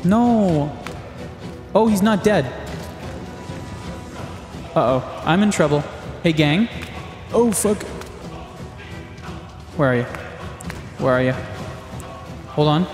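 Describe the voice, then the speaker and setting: A young man giving excitable gameplay commentary, swearing and reacting loudly to scares while he plays a survival game. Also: a little high, slow, long pauses. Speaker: gaming YouTuber. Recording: roomy echo with game music behind.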